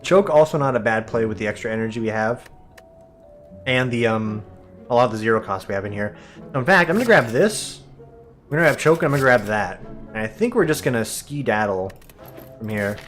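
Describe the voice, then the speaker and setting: A man's voice: mid-range voice, fairly quick, pauses often, faint music behind. A young man giving rambling, jokey commentary while playing a game, acting out what his friends say. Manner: chatty, animated, jokey, acts out quoted friends. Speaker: streamer and let's-play host.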